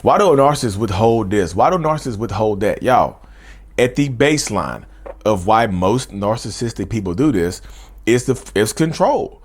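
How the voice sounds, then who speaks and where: A man's voice: fairly low pitch, sing-song, moderate pace, slightly rough. A man hosting his own channel, talking casually and emphatically to viewers, often repeating himself and saying "y'all". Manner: chatty, repetitive, says "y'all" often, emphatic. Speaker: YouTube host. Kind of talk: casual direct-to-camera talk.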